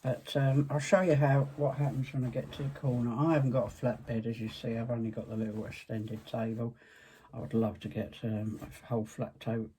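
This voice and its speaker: An Essex woman from England chats away at her sewing machine in a casual quilting vlog demonstration from her home sewing room, rambling and poking fun at herself. Her voice is extremely low, flat and mellow, delivered fairly quickly over slight background noise and the running machine.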